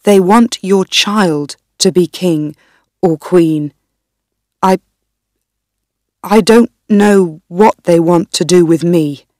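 A woman's voice: fairly low pitch, slow, pauses often, a little mellow, no echo. A woman reading as a frightened, pleading young husband. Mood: fearful pleading. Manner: pleading, fearful, stammering. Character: frightened weak young man, a queen's husband.

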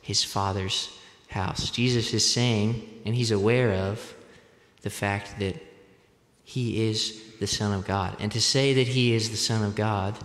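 A young male pastor preaching in a church sanctuary. His voice sits a little low and moves at an unhurried, measured pace, and it rings with a long reverb through the big room. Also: fairly even intonation, fairly bright tone. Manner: measured, deliberate delivery that speeds up for personal stories. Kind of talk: sermon. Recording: echoey church hall.

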